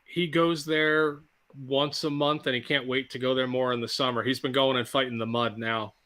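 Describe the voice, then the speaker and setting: An older man hosting a casual livestream chat over a video call, chatty and quick to laugh. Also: mid-range voice, little pitch movement, bright, forceful tone. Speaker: host.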